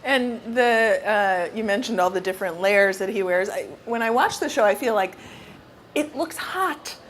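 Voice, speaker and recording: A woman's voice: mid-range voice, normal speed, slight background noise. A woman interviewer asking questions in a casual, slightly hesitant way.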